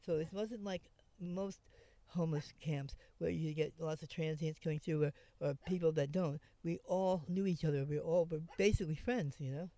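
A woman's voice: sits low, moderate pace, hardly any pauses, dark tone, no room sound. A woman who once lived in a homeless camp, telling her story in a rambling way with many restarts. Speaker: interviewee, former homeless camp resident. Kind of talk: conversational storytelling.

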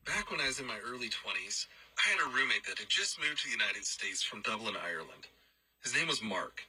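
Male storyteller with a lively delivery, a very bright, husky voice. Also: lowish voice, a little fast, rough recording. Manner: animated, acts out voices and laughs mid-story. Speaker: listener telling a roommate story.

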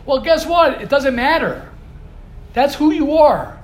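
High-voiced emphatic male teacher. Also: very animated, unhurried. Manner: emphatic, repetitive, acts out students' complaints. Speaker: religious teacher. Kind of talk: lively classroom lecture. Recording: echoey room.

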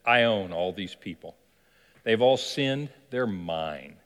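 A man's voice: fairly low pitch, expressive, slow, a bit bright, voice pushed down. A man voicing a scheming, mocking male devil who tempts and taunts, heard with long hall reverb. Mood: low, tempting. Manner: taunting, sarcastic.

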